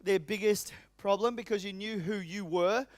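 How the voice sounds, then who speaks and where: Emphatic high-voiced male business coach. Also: moderate pace, no room sound. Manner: energetic, emphatic, addresses audience directly. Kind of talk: motivational seminar talk. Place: seminar venue.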